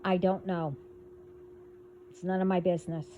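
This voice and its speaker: A woman hosting a casual spiritual monologue, talking in a rambling, halting way as she delivers warnings. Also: fairly low pitch, level tone, warm tone, highs cut off, a little hiss or hum. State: hiccups. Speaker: spiritual video host.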